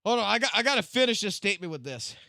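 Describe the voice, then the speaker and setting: Bright, animated male streamer. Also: high-pitched, rapid-fire, creaky, no echo, studio quality. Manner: profane, rambling, restarts sentences. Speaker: live streamer. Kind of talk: casual late-night stream rant.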